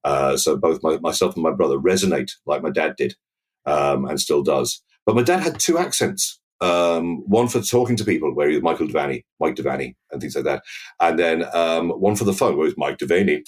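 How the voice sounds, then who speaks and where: Deep-voiced southern English man, halting. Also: animated. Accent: southern English, near standard BBC. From England. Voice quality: deep bass voice. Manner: halting, many repeated words and restarts. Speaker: podcast guest. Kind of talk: conversational interview.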